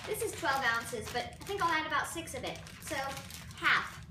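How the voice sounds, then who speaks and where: Brief: playful woman host of a home cooking demo, high voice, mic far off in a roomy kitchen. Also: expressive, moderate pace. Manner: chatty, playful, self-deprecating. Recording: roomy, distant, noisy kitchen recording.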